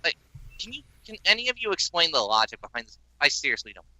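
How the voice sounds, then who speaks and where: A man's voice: fairly high pitch, big pitch swings, quick pace, sharp tone, no echo, rough recording. A man ranting sarcastically and with a lot of swearing about a cartoon reboot on a casual podcast. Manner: profane, exasperated, sarcastic. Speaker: podcast host.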